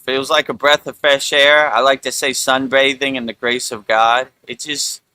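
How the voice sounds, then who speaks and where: A middle-aged man hosting a spiritual talk, speaking in a relaxed, rambling way with lots of "you know". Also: mid-range voice, normal speed, smooth, no echo, low-quality recording. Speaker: spiritual teacher and show host.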